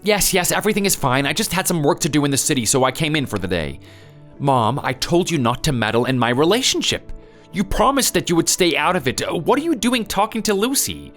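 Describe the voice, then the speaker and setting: A man playing an evasive, cheating husband in a texting-story drama, hurried and pleading. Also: a little high, sing-song, fairly bright tone, soft background music. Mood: flustered. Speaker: son, husband.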